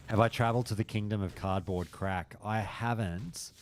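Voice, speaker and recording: Low-voiced man, swearing casually. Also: normal speed, a little hiss or hum. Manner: frequent swearing, animated storytelling. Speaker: stream host. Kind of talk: casual chat with live chat.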